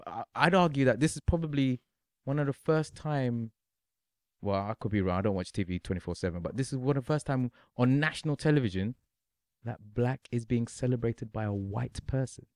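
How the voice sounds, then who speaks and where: A man from the UK hosts a relaxed podcast conversation at an ordinary middle pitch. He keeps pressing his point with questions. The sound is dry and close, with no room around it. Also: brisk, dry recording. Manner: probing, asks rhetorical questions. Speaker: podcast host. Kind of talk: casual podcast chat.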